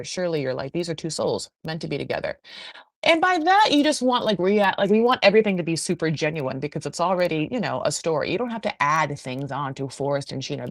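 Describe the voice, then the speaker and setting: A woman hosting a podcast, chatting in a gossipy, animated way full of asides as she recaps a reality show. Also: sits low, no echo, clean studio sound. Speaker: podcast host.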